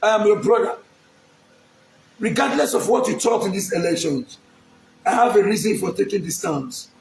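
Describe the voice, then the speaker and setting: Pleading high-voiced Nigerian man. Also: animated, moderate pace, gravelly, reverberant, slight background noise. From Edo State, Nigeria. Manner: pleading and emphatic, repeats lines. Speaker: aspiring local politician. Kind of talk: direct-to-camera public appeal.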